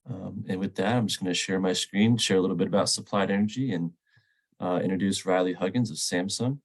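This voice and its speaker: A man's voice: sits low, fairly quick, rough recording. A man hosting a sales webinar with a stuffy, nasal voice from a cold, talking casually with many ums and uhs. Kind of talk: webinar presentation.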